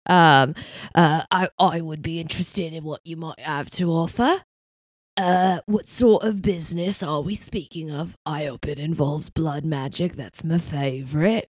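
A woman voicing a shady, scheming man who deals in blood magic, in a deep, scratchy put-on voice with a nervous, guarded manner. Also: measured pace, no echo.

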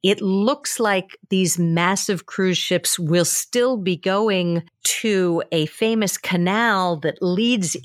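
A woman hosting a travel talk show, her voice sitting low for a woman and swinging up and down in pitch as she tells stories. She sounds animated and expressive, and the sound is close and dry. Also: no room sound. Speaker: radio travel show host. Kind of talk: casual studio chat.

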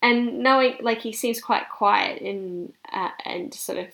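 Female podcast co-host, creaky voice, playful and chatty. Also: a little high, a bit bright. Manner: chatty, quick to laugh and tease. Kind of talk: casual chat about films.

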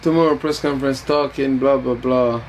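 A man's voice: medium pitch, steady tone, moderate pace, a little hiss or hum, poor audio. A man being interviewed during fight week, talking in a laid-back, teasing and rambling way.

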